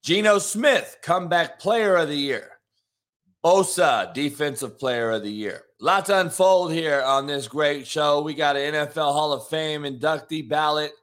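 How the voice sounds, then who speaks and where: A man hosting a morning sports talk show, his voice a little high for a man and hoarse from a night of yelling. He talks in a brash, profane, hype-driven way, pushing straight through his sponsor plugs.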